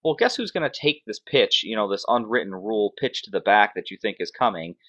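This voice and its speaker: A man's voice: fairly low pitch, expressive, a little fast, fairly bright tone, lo-fi sound. A man hosting a fantasy sports show, ranting sarcastically in casual sports commentary.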